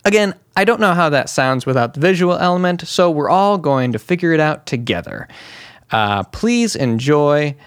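A man's voice: a little high, expressive, a little fast, hardly any pauses, fairly bright tone, smooth, no echo, studio quality. A man hosting a podcast, giving a casual, rambling intro full of jokes and wordplay. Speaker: podcast host.

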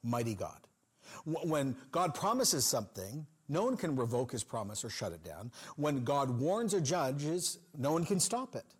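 A man preaching a sermon in an expressive style, acting out the people in the story with sudden swings in pitch and loudness. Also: normal speed, slightly rough. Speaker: pastor.

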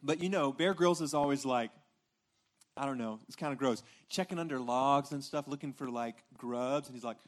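A man's voice: medium pitch, normal speed. A man preaching a casual, conversational sermon from a church stage, often checking in with his congregation and restarting his phrases. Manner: informal, repeats words and restarts, frequent "right?" checks with congregation. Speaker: pastor.

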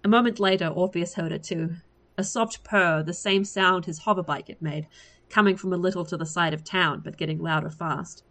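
Woman, story reader, lively narration, lowish pitch. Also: moderate pace. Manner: lively, laughs at the story between passages. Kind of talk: reading a fantasy story aloud.

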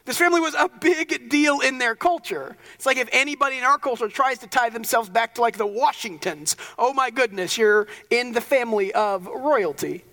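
A man's voice: very high voice, moderate pace, hardly any pauses, bright, forceful tone. Conversational young male pastor in reverb. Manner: conversational, joking asides. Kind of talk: sermon.

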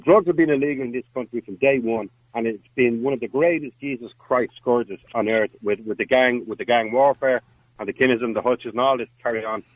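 A man's voice: mid-range voice, no echo, low-quality recording. Blunt Irish man hosting radio. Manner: blunt, emphatic, swears. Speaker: radio host. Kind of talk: heated talk radio debate.

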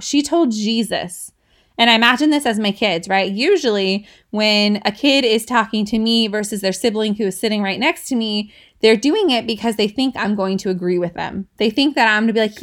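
A woman's voice: medium pitch, moderate pace, fairly bright tone. Woman in her 30s doing a laid-back faith podcast, chatty, keeps asking "right?" and laughing. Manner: chatty, asks listeners "right?", laughs between points. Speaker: podcast host. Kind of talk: casual devotional teaching.

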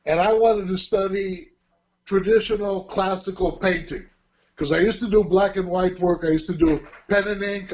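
A man in his sixties, appearing as an interview guest, tells long, rambling, casual stories, chuckling often and correcting himself. His voice is high with a darkish tone, and the audio sounds dull.

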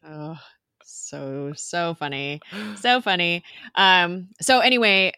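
A woman's voice: deep voice, a bit bright, smooth, no room sound, clean studio sound. A woman co-hosting a podcast, chatting casually as she recaps an episode, laughing often. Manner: chatty, laughs often, recounts scenes with quoted voices. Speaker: podcast co-host.

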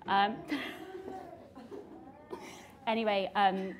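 A woman's voice: mid-range voice, extremely slow, slight background noise. Laughing young woman telling a story. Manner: animated storytelling with frequent laughter. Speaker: author and actress. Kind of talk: casual chat with her sibling.

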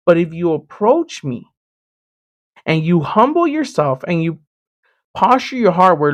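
A man from Miami preaching on his podcast with an emphatic, animated delivery. His voice sits a bit high, and the dry, close recording has no room sound. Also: unhurried, pauses often, no room sound. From Miami, Florida. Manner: emphatic, animated, speaks straight to the listener. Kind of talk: sermon-style podcast teaching.

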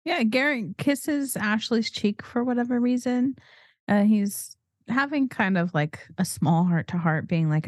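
Woman, co-host, chatty movie recap, mellow tone, dry close recording. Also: fairly high pitch, slow pace, no echo. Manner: chatty, animated retelling, swears freely. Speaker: podcast co-host. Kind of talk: casual movie recap chat.

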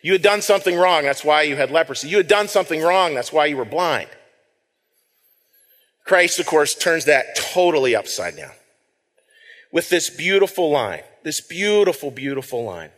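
A slightly high, animated male voice at a moderate pace, a bit bright, with big-room sound. He's a pastor preaching in a church sanctuary, conversational in manner and repeating words as he reads scripture aloud.

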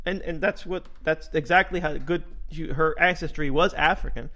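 A man hosting a podcast, telling a personal story in a casual, animated way and laughing often. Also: fairly high pitch, moderate pace. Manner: animated, laughs often, acts out quoted dialogue. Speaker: podcast host.

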